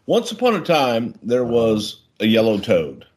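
Playful man with a lively voice. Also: medium pitch, a little slow. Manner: playful, tells a long bawdy joke with changing voices. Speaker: co-host. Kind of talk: casual podcast chat and joke-telling.

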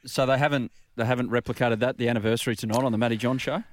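A man's voice: medium pitch, fairly even intonation, racing. A man co-hosting a radio show, asking questions and moving to news in casual chat. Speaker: radio host.

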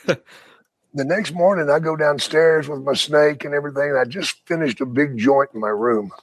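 An older man with a slightly raised pitch tells rough, profane stories from his wrestling days. He talks in a loose, animated way and breaks into laughter now and then. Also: moderate pace, poor audio. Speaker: guest, retired pro wrestler. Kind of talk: casual storytelling.

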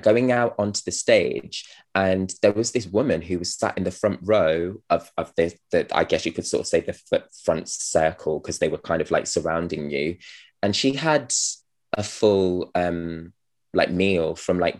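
A man's voice: low-pitched, normal speed. A man, an actor, chatting casually as a podcast guest, rambling with many fillers and restarts and laughing at his own stories. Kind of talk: casual interview chat.

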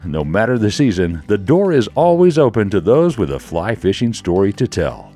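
A man reading the scripted introduction to a podcast in a measured, evocative delivery. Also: on the low side, sing-song, mellow, faint music behind. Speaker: show intro narrator. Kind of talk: scripted narration.

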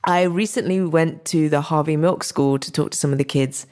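An interviewer with a medium-pitched voice guides the talk, reacting often with short exclamations. The questions come in loose, conversational phrasing. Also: moderate pace. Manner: warm reactive listener, frequent "wow".

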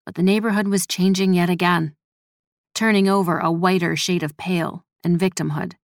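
A woman narrating a scripted audiobook story in a measured, steady way. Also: fairly low pitch, no room sound, clean studio sound.

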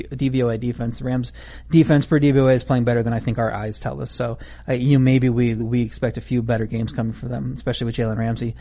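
A man's voice: medium pitch, dark tone. A man co-hosting a podcast, giving casual football betting analysis packed with stats. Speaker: podcast co-host.

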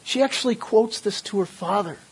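An older man preaching a sermon as pastor, earnest, with stumbling restarts, building to forceful emphasis. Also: sits high, brisk, gravelly, breathy edge.

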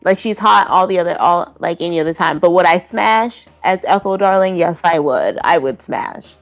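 A woman co-hosting a casual podcast chat, animated and profane, with a constant "like" in her talk. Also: fairly low pitch, moderate pace, dry recording, lo-fi sound, faint music behind. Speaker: podcast co-host.

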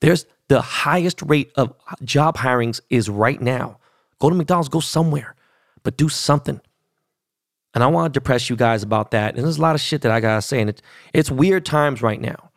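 A man's voice: medium pitch, moderate pace, dry recording, studio quality. A man, hosting a podcast and telling a story in a casual, profane, slangy rant. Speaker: podcast host.

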